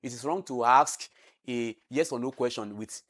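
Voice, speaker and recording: A man's voice: medium pitch, moderate pace, a bit bright. Man teaching exam answers. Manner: explanatory, repeats key terms, demonstrates intonation. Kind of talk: exam-prep lesson.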